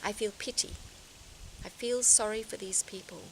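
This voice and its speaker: Speaking to her viewers in a personal vlog, a woman sounds earnest and searching, often starting sentences over. Her mid-range voice holds a steady tone at a moderate pace, and the recording is rough with outdoor noise in the background.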